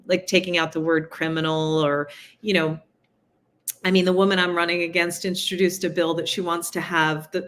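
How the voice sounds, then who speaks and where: A woman's voice: fairly low pitch, fairly bright tone, a little hiss or hum. A woman from New York City, a city council candidate, talking casually in an interview with frequent asides and laughs. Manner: chatty, quick asides, laughs at her own points.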